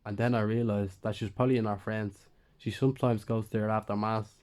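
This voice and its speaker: A man narrates a first-person horror story with a lowish voice. His telling is plain and conversational, like someone recounting events to a friend. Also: flat delivery, fairly quick, darkish tone.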